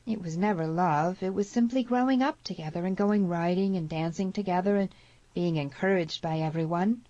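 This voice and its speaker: A woman narrator puts on a young frontier woman who pleads with her whole heart. Her voice sits a little higher than the narration and carries urgent feeling. The storybook recording is dry and slightly dull. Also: moderate pace, dark tone, no echo, lightly acted. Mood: pleading. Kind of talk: audiobook character voice.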